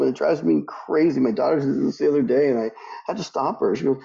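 Emphatic man with a gravelly voice. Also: medium pitch, animated, fast talker, mellow, highs cut off. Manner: emphatic, many restarts, voice rises when quoting others. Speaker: guest, aviation professional. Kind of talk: conversational interview answers.

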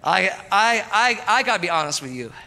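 High, bright-voiced preaching man. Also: a little fast, vocal fry. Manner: animated, talks to the congregation, calls out "come on". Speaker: pastor. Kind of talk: sermon. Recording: long hall reverb.

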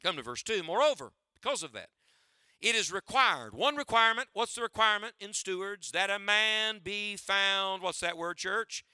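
A man's voice: high voice, animated, moderate pace, pushed and bright, clean tone, no room sound, clean studio sound. A man preaching a sermon to his church, using a preacher's cadence and rhetorical questions, often asking listeners to write down his points. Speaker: pastor.

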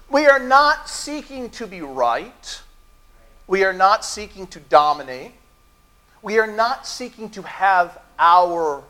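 A middle-aged man preaching a sermon as pastor of his church, telling stories and talking back and forth with the congregation. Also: high-pitched. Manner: lively storytelling with audience asides. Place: church sanctuary.

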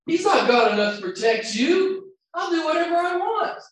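A man's voice: extremely high pitch, big pitch swings, normal speed, fairly bright tone, a little hiss or hum, pitched above the performer's own voice, heavily acted. A man voicing Satan as a mocking, accusing tempter who casts doubt about God, in a very echoey hall from a distant mic. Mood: taunting. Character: taunting male Satan whispering doubts.

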